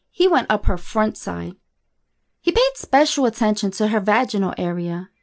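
A woman reading a graphic horror story aloud in a steady, matter-of-fact way. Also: on the high side. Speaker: narrator. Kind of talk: scripted horror story narration.

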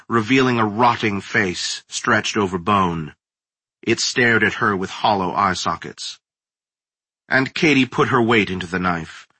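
A man reading a horror story aloud in a slow, deliberate, suspenseful manner. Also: fairly low pitch, bright, forceful tone, slightly rough, dry recording. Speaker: narrator. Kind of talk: scripted horror story narration.

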